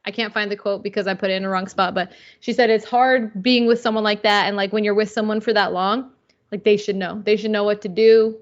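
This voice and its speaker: A young woman co-hosts a casual podcast chat, animated and slangy, peppering her talk with filler words. Her voice sits in a middle register. The audio is a little dull and lo-fi. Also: medium pitch, fairly quick. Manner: animated, slangy, says "like" and "dude" a lot. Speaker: podcast co-host.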